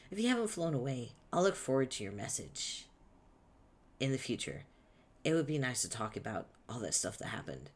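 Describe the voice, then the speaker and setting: A man's voice: fairly low pitch, a bit bright, full character voice. A man voicing a cheerful, naive teenage boy, upbeat and a bit puzzled, reading a webcomic aloud.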